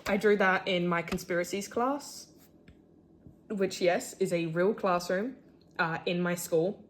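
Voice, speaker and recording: A teenage Australian girl chats casually while showing her sketchbook, in a fairly low voice at an unhurried pace over slight background noise. She peppers her talk with "like" and "um", pokes fun at herself, and squeals with delight over her favourite characters.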